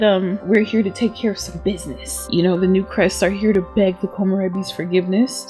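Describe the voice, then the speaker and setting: A young woman talks her viewers through her life-sim story in a loose, slangy, chatty way. Her voice sits in an ordinary middle range. Soft music plays faintly underneath. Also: medium pitch, low-quality recording. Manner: casual, slangy, talks to viewers, laughs easily. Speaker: Sims storytelling creator. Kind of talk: chatty game commentary and storytelling.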